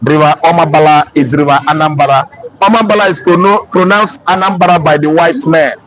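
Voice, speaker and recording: A man's voice: a little high, fairly quick, a loud crowd, low-quality recording. Nigerian man hosting a live chat. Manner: reads out viewers' names with lively calls. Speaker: show host. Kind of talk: casual live-stream chat.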